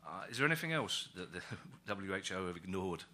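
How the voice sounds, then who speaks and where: A man's voice: low voice, very animated, brisk, very noisy. A man hosting a comedy panel, dry and wry, breaking into his own sentences with asides. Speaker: host.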